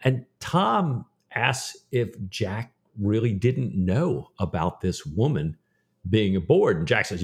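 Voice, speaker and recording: A man with a fairly low voice co-hosts a podcast. He recaps a novel's scenes casually and pads his sentences with "like" and "you know.". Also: very animated, takes it slowly. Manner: retells plot with many fillers. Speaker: podcast co-host. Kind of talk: casual book discussion.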